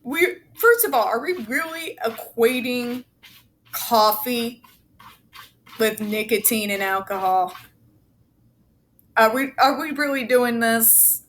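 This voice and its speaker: A furious woman picks apart a report line by line, blunt and sarcastic and swearing hard. Her voice sits a little high and she talks slowly, leaning on each word. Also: fairly bright tone, a little hiss or hum. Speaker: autistic advocate commentator. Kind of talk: angry commentary reading a report aloud.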